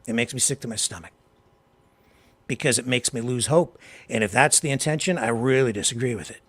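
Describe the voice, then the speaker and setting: A Canadian man hosting a political talk show, delivering impassioned commentary that swings from low, quiet remarks to loud, emphatic outbursts. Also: brisk. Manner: heated, addresses a co-host directly.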